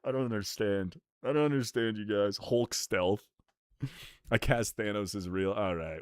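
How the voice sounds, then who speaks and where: A slightly mellow, smooth male voice at normal speed belongs to a streamer casually chatting with viewers; he's rowdy and profane, cracks jokes, and erupts into rants marked by pitch jumps. The audio is studio quality without echo.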